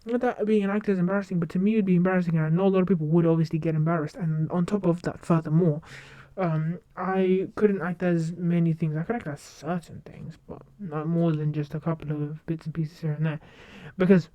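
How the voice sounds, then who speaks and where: Rambling woman with a mellow voice. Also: on the low side, steady tone, a little fast, few pauses, lo-fi sound. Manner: rambling, self-interrupting with many restarts. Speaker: streamer. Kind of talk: casual livestream chat.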